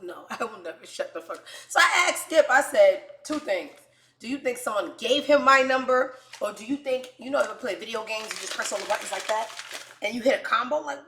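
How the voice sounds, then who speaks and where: Brash, profane New woman host, storytelling, mid-pitched, echoey room. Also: lively intonation, a little fast. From New York. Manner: brash, profane, jumps between quiet asides and loud bursts. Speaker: show host. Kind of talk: casual comedic storytelling.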